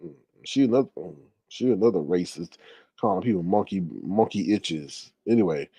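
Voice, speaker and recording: A man's voice: deep voice, animated, normal speed, mellow, breathy edge, no room sound. A man hosting a casual livestream, ranting with exasperation, often sighing and talking straight to his viewers. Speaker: livestream commentary host.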